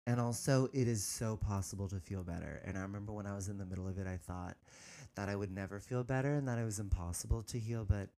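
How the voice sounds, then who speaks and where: A man speaking candidly as an interview guest, hesitant, with many restarts, and turning animated as he goes. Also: fairly low pitch. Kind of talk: candid personal conversation.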